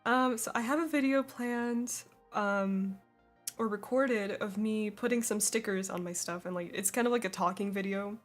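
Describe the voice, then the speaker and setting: A giggly young woman chats with her viewers while drawing on a live stream, laughing often as she talks. Her voice sits at an ordinary middle pitch for a woman. Faint music plays softly behind her. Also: moderate pace. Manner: giggly, chatty, frequent laughs. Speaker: streamer drawing and reading chat. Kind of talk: casual live-stream chat. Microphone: desk microphone.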